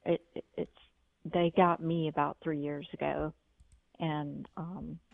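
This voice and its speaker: A woman's voice: low voice, flat delivery, takes it slowly, gravelly, phone-quality sound. A woman calling in to a talk show, telling things in an earnest, rambling way. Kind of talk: call-in talk.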